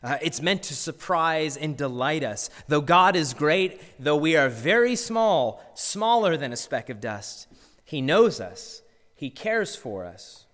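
A man's voice: a little high, sing-song, takes it slowly, a bit bright. Earnest man preaching in a reverberant hall. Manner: earnest preaching with rhetorical questions. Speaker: pastor. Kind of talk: sermon.

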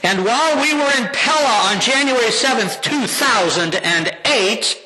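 An older man, a pastor, giving a heartfelt personal testimony to his congregation with slow, emphatic phrases. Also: very high voice, lively intonation, bright, forceful tone, poor audio.

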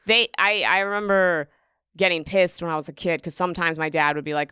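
Bright, crisp-voiced woman comedian. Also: on the low side, a little fast, dry recording, studio quality. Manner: animated storytelling, acts out quotes. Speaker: stand-up comedian. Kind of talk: casual podcast chat.

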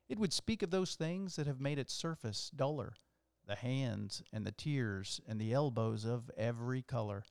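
A man reads a rhyming poem aloud in a gravelly voice of middle pitch. He keeps a rhythmic, measured pace and leans on the rhymes. The recording is dry and close. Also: darkish tone, no echo. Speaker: priest reading a poem. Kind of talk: poetry reading.

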